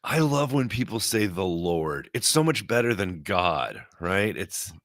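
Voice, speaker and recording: Low-voiced man in playful chat. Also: sing-song, measured pace, fairly bright tone, no echo, clean studio sound. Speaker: podcast guest. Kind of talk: casual chat.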